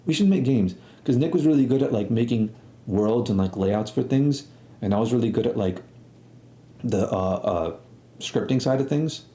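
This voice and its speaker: A young man telling a rambling, excitable storytime about summer camp, full of slang and fillers. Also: mid-range voice, normal speed, reverberant. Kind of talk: casual storytime.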